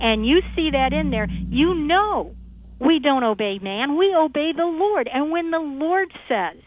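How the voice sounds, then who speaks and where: A woman's voice: high voice, lively intonation, measured pace. Fiery woman on a tinny phone line. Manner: fiery, emphatic, preachy. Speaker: radio show guest. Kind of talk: impassioned call-in talk.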